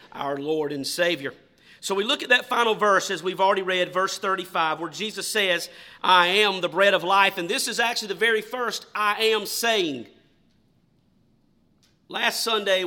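A male pastor delivers a sermon in a high voice with a very sharp, bright edge. He preaches emphatically and questions his congregation. He also reads scripture aloud.

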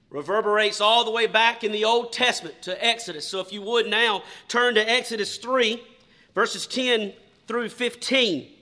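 Man, pastor, sermon, high voice, sharp and cutting tone, emphatic, questions the congregation.

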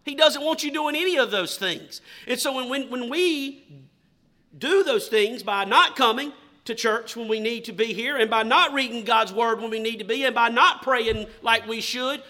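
A man preaching a sermon in church, moving from loud, emphatic declarations to slow, hushed questions to the congregation. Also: extremely high pitch.

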